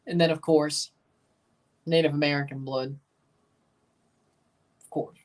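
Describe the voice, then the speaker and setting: A man's voice: a little high, flat delivery, takes it slowly, recorded from a distance. A man hosting a live watchalong stream, chatting casually and rambling, often repeating himself and chuckling. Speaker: livestream watchalong host. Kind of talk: casual live reaction chat.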